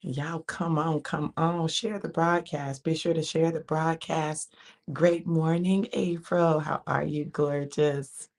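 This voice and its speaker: A woman's voice: deep voice, fairly even intonation, takes it slowly, creaky, a little mellow. A woman ministering on a live devotional broadcast from home, talking casually with viewers, keeping her voice down and repeating her phrases.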